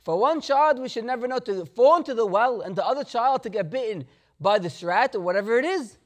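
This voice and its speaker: A troubled father puzzles over his misfortune and remembers a forgotten vow, as a rabbi acts him out in a high voice. He sounds bewildered as he works it through. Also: expressive, brisk.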